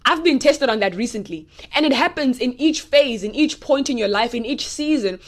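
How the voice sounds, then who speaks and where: A young woman with a slightly high voice gives a casual Bible teaching online. She speaks in a direct, animated way, addressing her listeners as y'all and pressing her points home. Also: moderate pace.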